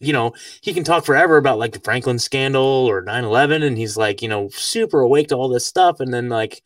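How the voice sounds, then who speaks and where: A man's voice: mid-range voice, expressive, fast talker, no echo. A man hosting a podcast in casual conversation, rambling with lots of filler words and easy laughter. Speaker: podcast host. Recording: dry, distant from the mic.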